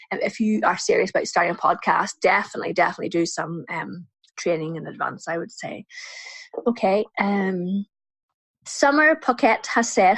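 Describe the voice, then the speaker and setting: A woman's voice: mid-range voice, no echo. A woman in her forties with a Northern Irish accent, hosting a solo podcast and answering listener questions in a chatty way with frequent laughs, into a USB desk mic at home. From Northern Ireland. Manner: chatty, warm-hearted, laughs often. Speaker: podcast host. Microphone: USB desk microphone.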